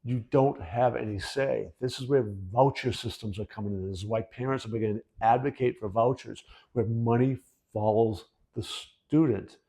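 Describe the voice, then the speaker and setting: A man's voice: medium pitch, normal speed, mellow. A middle-aged man explaining school reform in a conversational way, often checking in with "right?" and restarting phrases. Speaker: education commentator. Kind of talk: casual explanatory talk to camera.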